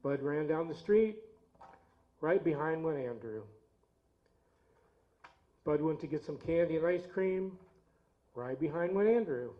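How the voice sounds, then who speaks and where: A man leading a church service, telling a homespun family story in a relaxed, chatty way. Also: fairly high pitch, a little slow, pauses often. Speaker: lay service leader and storyteller. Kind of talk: folksy storytelling with guitar songs. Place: church sanctuary. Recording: dull lo-fi recording with loud guitar. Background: guitar playing.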